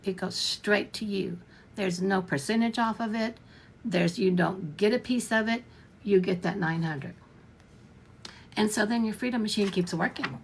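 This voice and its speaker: A woman's voice: unhurried, husky. A woman vlogger explaining an offer in a casual, emphatic way, repeating points and checking that listeners follow. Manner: repetitive, checks listener understands with questions; earnest, emphatic sales pitch. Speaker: online business vlogger.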